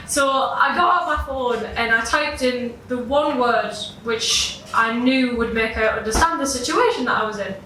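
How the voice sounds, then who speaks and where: This young British woman's voice is high-pitched, slow and pushed bright as she shares a personal story at a live gig, self-deprecating, casually swearing and laughing through her lines. There's slight background noise, and she's distant in an echoey room.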